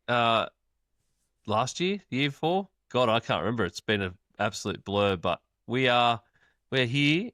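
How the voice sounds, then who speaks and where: A man's voice: fairly low pitch, a bit bright, smooth, dry recording, studio quality. Upbeat Australian man hosting a podcast. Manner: upbeat, rambling with fillers. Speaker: podcast host. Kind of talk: casual podcast chat.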